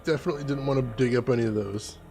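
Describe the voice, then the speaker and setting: A man giving casual, excitable commentary while playing a video game. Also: mid-range voice, rapid-fire, vocal fry, slight background noise. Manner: excitable, jumpy exclamations. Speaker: gaming streamer. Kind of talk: casual let's-play commentary.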